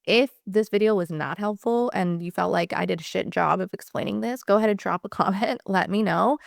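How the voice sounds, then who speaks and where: Gravelly, candid woman attorney. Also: mid-range voice, fairly quick, no echo, clean studio sound. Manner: candid and passionate, swears casually. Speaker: employment attorney. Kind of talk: direct-to-camera legal explainer.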